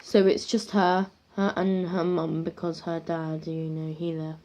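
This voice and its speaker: A woman's voice: lowish voice, flat delivery, measured pace, darkish tone. A woman improvising a spooky story in a rambling, casual way, full of fillers and restarts, on a dull lo-fi home recording.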